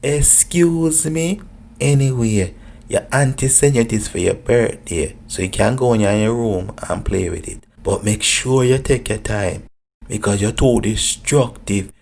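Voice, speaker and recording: A performer voicing a bossy mother with a Jamaican accent in a cartoon, loud and nagging. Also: mid-range voice, measured pace, creaky.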